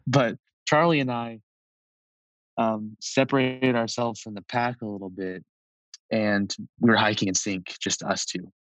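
A man in his twenties telling a personal story in a casual, conversational way, with lots of "like" and soft laughs. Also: on the low side, steady tone, unhurried, no echo, rough recording. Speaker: storyteller recounting a personal experience.

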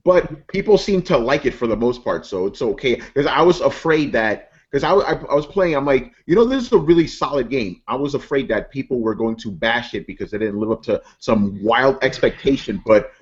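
A man's voice: medium pitch, lively intonation, moderate pace, hardly any pauses. A man co-hosting a casual gaming podcast, easygoing and often agreeing. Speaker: podcast co-host. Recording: dull lo-fi audio.

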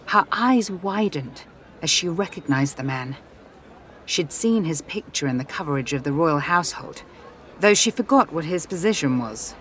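Woman narrator, audiobook reading, low voice, expressive, steady. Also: normal speed.

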